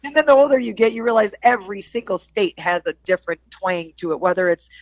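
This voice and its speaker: A woman's voice: mid-range voice, steady tone, quick pace, no echo, lo-fi sound. A middle-aged woman from Wisconsin with a Wisconsin accent, a podcast guest chatting casually and animatedly, laughing often. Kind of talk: casual chat.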